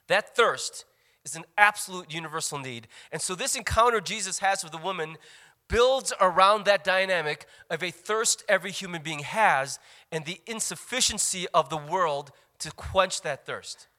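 A man preaching a sermon in an animated way, with joking asides to the congregation. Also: high-pitched, normal speed, long reverb tail.

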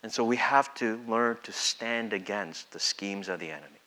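This pastor has a fairly low-pitched voice and talks at a normal speed. His sermon feels conversational, and he brings the scripture quotes to life by acting them out in lively voices.

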